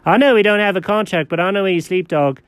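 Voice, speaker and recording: A man voicing Jenkins, an excitable, easily baffled man who exclaims a lot. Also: high voice, quick pace, no echo, close to an everyday voice. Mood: indignant. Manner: exclaims, calls people dog.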